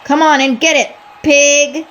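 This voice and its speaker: A vain, pompous luchador champion, as a woman puts him on. He bellows his lines with a lively swing in pitch. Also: a little slow, some chatter behind, slight background noise, lightly acted. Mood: boastful.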